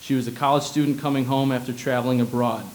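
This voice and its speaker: A man's voice: mid-range voice, fairly even intonation, fast, a little mellow, a little hiss or hum, poor audio. A young man from Illinois reading his own humorous personal essay aloud in a wry, sardonic tone. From Illinois, USA.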